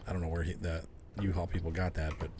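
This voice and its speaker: A man's voice: low-pitched, little pitch movement, fast, noisy background. Laid-back man rambling while streaming a game. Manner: rambling, chatting with viewers, laughing often. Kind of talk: casual live-stream commentary while driving a truck game.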